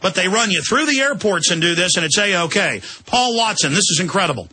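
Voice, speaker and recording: A man's voice: high voice, sing-song, fast, pushed and bright, a little hiss or hum. A man hosting a talk radio show, speaking emphatically and in an agitated, rambling way. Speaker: radio host.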